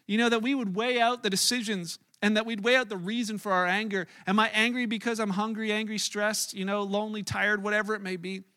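A man's voice: high voice, fairly even intonation, fairly quick, hardly any pauses, pushed and bright, clean tone. A male pastor giving a conversational sermon, earnest and casual, often restarting and adding asides.

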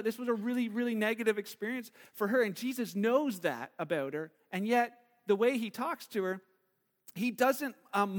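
A middle-aged man preaching a sermon to a congregation in a relaxed, conversational way, often acting out the people in the story. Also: sits high. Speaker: pastor. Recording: long hall reverb.

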